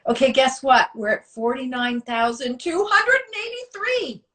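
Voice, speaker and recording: A middle-aged woman hosting a casual chat over a video call, upbeat and quick to laugh. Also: high-pitched, animated, a bit bright. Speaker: host. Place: at home.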